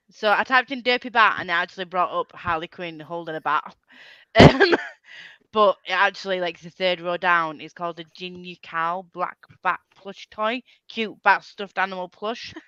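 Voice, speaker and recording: Woman, livestream chatter, bright tone, giggly, dull dry mic. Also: on the low side, moderate pace, clear, resonant tone, dry recording. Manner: giggly, rambling, many fillers. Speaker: livestream co-host. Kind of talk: casual group chat on a livestream. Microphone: webcam headset or desk mic.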